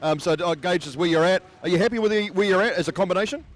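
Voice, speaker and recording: A man hosting casual trackside interviews, chatty and upbeat. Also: sits high. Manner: chatty, upbeat, quick questions. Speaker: host and interviewer. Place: outdoor speedway pits.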